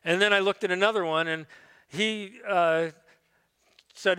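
Middle-aged pastor preaching in a reverberant hall. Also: male voice, on the high side, steady tone, normal speed, bright, forceful tone, clean tone. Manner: folksy, conversational with frequent fillers. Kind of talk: sermon. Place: church sanctuary.

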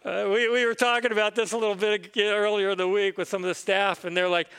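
A man's voice: sits high, little pitch movement, fast talker, fairly bright tone, clear, resonant tone, long reverb tail. A man, a pastor, telling a parable in a conversational, reflective sermon in church. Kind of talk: sermon storytelling.

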